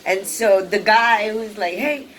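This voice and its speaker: A woman's voice: lowish voice, normal speed, slight background noise, poor audio. Rambling woman telling a personal story. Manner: rambling, many fillers and restarts; lively, acts out quoted people. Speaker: vlogger.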